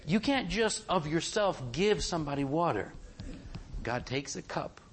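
A man's voice: a little high, measured pace, husky. A man preaching a sermon, asking his listeners question after question. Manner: animated, asks the congregation many questions.

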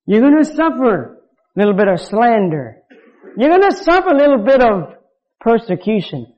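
A male preacher giving a fervent sermon, swinging between loud outbursts and low, quiet lines. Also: very animated, normal speed. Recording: dull lo-fi sound.

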